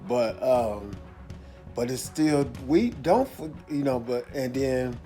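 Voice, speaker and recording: A man of middle pitch talking through a movie review in a loose, rambling way. He circles back to the same points and restarts his sentences often. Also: slow pace, mellow, soft background music. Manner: rambling, repeats himself, restarts a lot. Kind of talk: casual video review.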